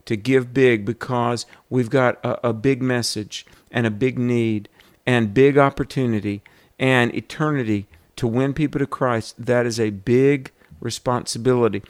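A man's voice: mid-range voice, steady tone, unhurried, no echo. A male radio host making an earnest fundraising appeal and telling stories to rally listeners.

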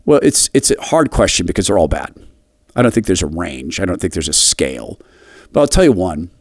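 A middle-aged man hosting a radio commentary, telling a personal story in an earnest, halting way with frequent restarts. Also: big pitch swings, no echo, clean studio sound. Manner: earnest, halting, with restarts and a wide pitch swing.

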